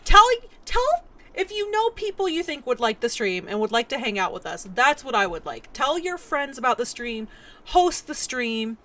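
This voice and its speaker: A young woman streamer chatting with her viewers, mock-angry and exasperated, her voice hoarse and cracking from yelling. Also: sits high, very animated, moderate pace. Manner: mock-angry, exasperated, laughing rants at chat. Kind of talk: casual live-stream chat with viewers.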